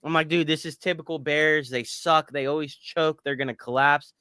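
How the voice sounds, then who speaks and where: A man in his thirties co-hosting a casual sports podcast, telling animated stories and swearing casually. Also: a little high, moderate pace, clear, resonant tone, no echo, clean studio sound. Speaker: podcast co-host.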